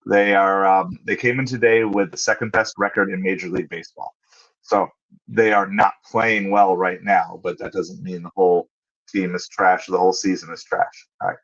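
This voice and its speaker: A man's voice: low-pitched, level tone, a bit bright, muffled recording. A man hosting a casual livestream, answering viewers' questions in a conversational way and thinking aloud as he looks things up. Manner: conversational, thinks aloud, pauses with fillers while looking things up. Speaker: livestream host.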